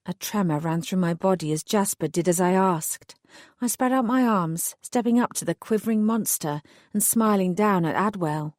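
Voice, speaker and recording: A woman narrating a paranormal romance audiobook in the first person with measured, wry delivery. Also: fairly low pitch, darkish tone, no echo, studio quality.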